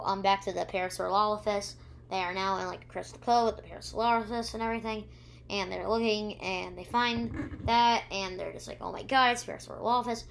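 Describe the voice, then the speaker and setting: A young woman talks straight into her own camera, running through episode plots in a loose, rambling way. She fills gaps with ums and acts out characters' lines and sound effects as she goes. Her pitch sits in the middle, and a faint hum runs underneath. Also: gravelly. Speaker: YouTube reviewer. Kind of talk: casual episode recap.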